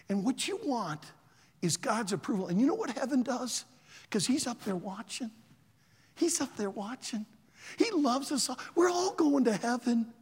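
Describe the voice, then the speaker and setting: A man preaching to college students, telling a story in a loud, animated way. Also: high voice, husky, in a large hall. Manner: animated storyteller, shouts quoted lines. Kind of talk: sermon with a story.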